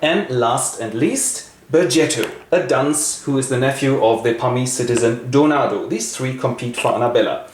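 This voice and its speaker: A man's voice: medium pitch, normal speed. A man narrating a play summary as host, with dry, ironic asides. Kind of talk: wry scripted literary retelling. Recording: echoey room, faint hiss.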